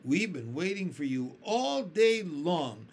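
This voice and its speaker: Man playing an old green grasshopper, fatherly and fussing, lively tone. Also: on the high side, takes it slowly, slight background noise, full character voice. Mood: concerned.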